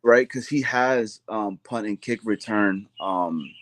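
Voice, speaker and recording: A man's voice: fairly low pitch, slow, a bit bright, dry recording. A man co-hosting a casual sports chat, hyped and rambling, calling people bro and dude.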